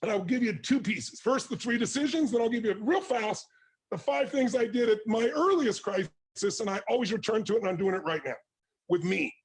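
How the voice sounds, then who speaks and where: A man's voice: high-pitched, animated, a little fast, breathy edge. A man giving an intense, passionate motivational talk, speaking with full force to an interviewer and audience.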